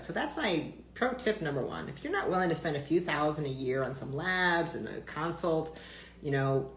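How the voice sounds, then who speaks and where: A woman's voice: low-pitched, sing-song, brisk, reverberant, a little hiss or hum. A woman doctor ranting bluntly on a casual live stream, swearing freely and talking with lots of fillers and restarts.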